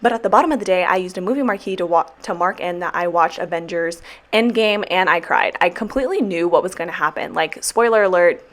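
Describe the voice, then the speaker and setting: A woman's voice: on the low side, quick pace. A young woman talking casually through her weekly planner, rambling, swearing freely and joking apologies as she goes. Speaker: planner vlogger and teacher. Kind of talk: casual chat while sticker planning.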